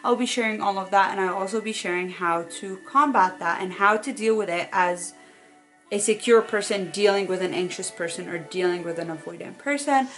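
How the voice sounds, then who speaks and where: A young woman talking to her phone camera in a casual, animated advice vlog, acting out quoted voices now and then. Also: medium pitch, brisk, soft background music. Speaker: vlogger.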